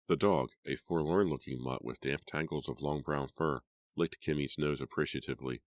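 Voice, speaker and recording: Male audiobook narrator, extremely deep voice, steady reading, dry close sound. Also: moderate pace, no room sound. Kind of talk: scripted narration.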